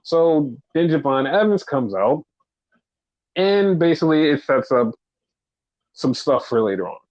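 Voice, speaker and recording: A man's voice: fairly high pitch, sing-song, a little slow, darkish tone, dry recording. A man co-hosting a podcast, casually recapping wrestling shows and ranting with swearing when annoyed. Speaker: podcast co-host. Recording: dull lo-fi dry recording.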